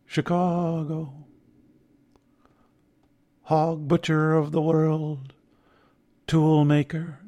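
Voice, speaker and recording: A man's voice: fairly high pitch, mellow. A man reading the lines of a white-haired elderly male poet in a sing-song voice, reciting verse and singing a folk tune.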